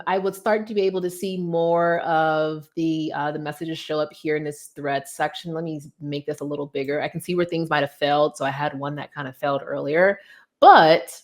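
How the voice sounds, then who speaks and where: A young woman giving a casual software demo, chatty and loose, with plenty of fillers as she walks through the steps. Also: on the low side, fairly even intonation, moderate pace. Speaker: guest presenter demoing software. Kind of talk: casual tech demo chat.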